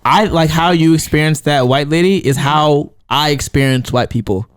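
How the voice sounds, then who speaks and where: A man co-hosting a podcast in relaxed casual chat, agreeing often and adding his own view. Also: on the high side, moderate pace, clean tone, no echo, studio quality. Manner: relaxed, agreeable, many short backchannels. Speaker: podcast co-host.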